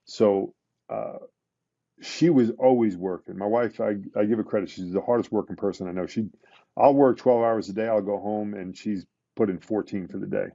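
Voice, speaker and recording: A middle-aged man, a retired police detective, telling a painful story in a casual podcast interview, with halting restarts and fillers. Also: fairly low pitch, steady tone, gravelly, warm tone, dry recording, muffled recording. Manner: emotional, halting retelling with many restarts and fillers.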